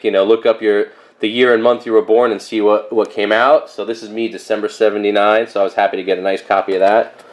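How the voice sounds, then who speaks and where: A man in his thirties talking casually and rambling through a comic book haul, with lots of fillers and animated asides. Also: fairly low pitch. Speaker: comic collector vlogger.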